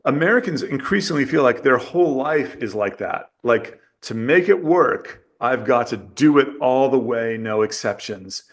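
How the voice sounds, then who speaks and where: A man speaking as a guest on a podcast, thoughtful and halting, often repeating words while he works out his point. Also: mid-range voice, expressive. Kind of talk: casual conversation.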